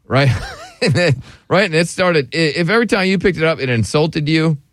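Animated joking male talk host. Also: a little high, moderate pace, dry recording. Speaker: radio show host. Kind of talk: casual talk show banter.

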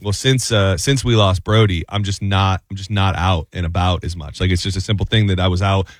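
A man's voice: low-pitched, steady tone, a little fast, dry recording. A man co-hosting a casual sports talk show in a studio, rambling and repeating words as he tells stories. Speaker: podcast co-host.

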